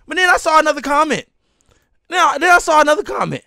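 A man's voice: extremely high pitch, lively intonation, fast, gravelly, pushed and bright, no room sound, clean studio sound. A man ranting live as a streamer, heated and swearing, with laughs breaking in between lines.

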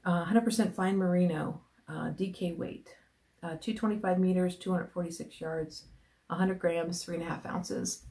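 A woman vlogger chatting casually as she unboxes gifts on camera, gushing and often dropping into breathy whispers of delight, rambling with restarts. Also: fairly low pitch, fairly even intonation, normal speed, dark tone. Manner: rambling with many restarts and fillers. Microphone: camera mic.

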